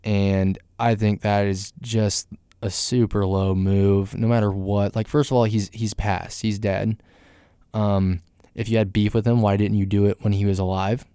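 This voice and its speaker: Male podcast host, low flat delivery, smooth and resonant, rambling casual talk. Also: a little slow, no room sound, clean studio sound. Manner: rambling, filler-heavy, candid opinions. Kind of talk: casual solo music news podcast.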